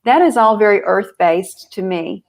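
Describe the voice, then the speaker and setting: A woman with a mid-range voice, speaking as a podcast guest. She lays out her views steadily and thoughtfully, with a few pauses to find her words. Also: medium pitch, gravelly. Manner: thoughtful, explanatory, measured. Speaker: guest author. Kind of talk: casual podcast chat.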